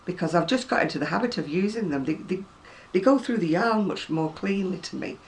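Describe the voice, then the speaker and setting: Older woman, gravelly, chatty. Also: fairly low pitch, animated, brisk. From England. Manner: chatty and self-deprecating, rambling asides. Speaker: crochet vlogger. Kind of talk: casual chat to camera. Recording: distant mic with faint room noise.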